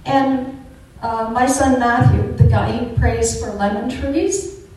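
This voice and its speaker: An older woman tells her personal faith testimony in an earnest, chatty way, pressing fervently on the words that matter to her. Her voice sits slightly high. She is recorded from some distance in a strongly echoing room, with a faint hiss of noise underneath. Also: takes it slowly, warm tone. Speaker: churchgoer giving a testimony.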